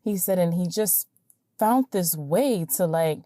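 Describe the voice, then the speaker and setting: A woman hosting a podcast, telling a personal story in a chatty, animated way with lots of fillers and quick "right?" checks. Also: fairly low pitch, dry recording, studio quality. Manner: animated, chatty, many fillers and tag questions. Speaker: podcast host. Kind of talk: casual storytelling.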